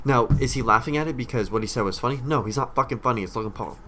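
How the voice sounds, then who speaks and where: A man's voice: mid-range voice, very fast, sharp tone, slight background noise. A man streamer giving a rambling, blunt commentary rant, swearing heavily as he talks. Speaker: streamer reacting to clips.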